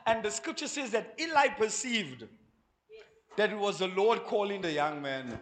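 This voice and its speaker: High-voiced, animated South African pastor. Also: male voice, normal speed. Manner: animated, acts out voices and laughs while preaching. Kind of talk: sermon. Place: church. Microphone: handheld mic.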